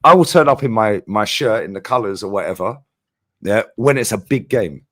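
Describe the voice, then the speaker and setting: A man's voice: fairly low pitch, animated, a bit bright. A man with a London accent ranting about football as a panelist in a casual chat show, talking in long sweary tangents. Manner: ranting, sweary, fast-flowing.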